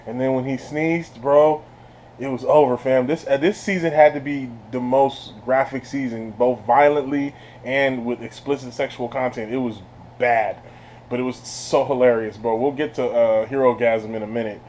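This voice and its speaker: A man's voice: mid-range voice, moderate pace, slight background noise. Laughing, slangy man reviewing a show. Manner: laughs often, slangy and animated. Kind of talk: casual spoiler review chat.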